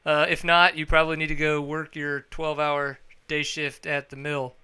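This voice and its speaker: A male podcast host with a very bright, clean voice, talking casually and joking with his guests. He swings between easy chat and loud, excited bursts. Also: normal speed, clear, resonant tone. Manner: upbeat, joking, bursts of high energy.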